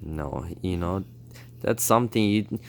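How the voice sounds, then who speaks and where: A woman's voice: a bass voice, expressive, a little slow, vocal fry, darkish tone. A woman at home talking to her pet birds in coaxing baby talk, chatting casually with her partner. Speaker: pet bird owner.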